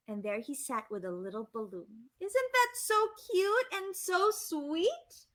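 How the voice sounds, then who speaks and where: A Filipino woman reading a story aloud live for children, animated and gushing, often asking the kids questions. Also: extremely high pitch, slow pace. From Philippines.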